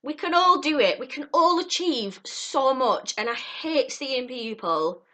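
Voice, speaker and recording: A young woman vlogs from home straight into her camera mic. Her voice sits a touch high and sounds bright and clear, earnest and heartfelt as she rambles encouragement. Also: lively intonation, a little slow. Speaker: vlogger. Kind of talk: encouraging vlog talk to camera.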